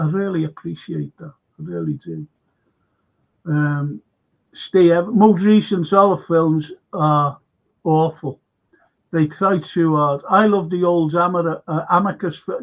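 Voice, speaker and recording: Male host, husky and gravelly, chatty and rambling, lo-fi stream audio. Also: a little high, unhurried. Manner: chatty, repeats words, reads viewer comments aloud. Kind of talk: casual film chat.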